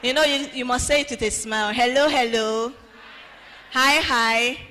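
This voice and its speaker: A woman's voice: high voice, a little fast, pushed and bright, slight background noise. A woman hosting a conference, leading affirmations and introducing speakers with rousing energy. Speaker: event host. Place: large conference hall. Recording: echoey hall with faint music.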